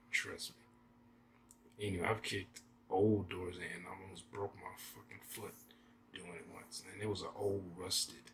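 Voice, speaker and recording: A man's voice: deep voice, noisy background. A man hosting a reaction video, talking in a loose, rambling way and swearing freely as he blurts out reactions. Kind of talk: casual reaction commentary.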